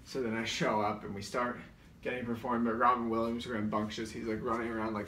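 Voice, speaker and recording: A man's voice: mid-range voice, level tone, brisk, fairly bright tone, slight background noise. A man rambling through memories of comedy sketches, with lots of filler words and restarts. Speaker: comedy show co-host. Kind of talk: rambling comic recollection. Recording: roomy echo, distant mic.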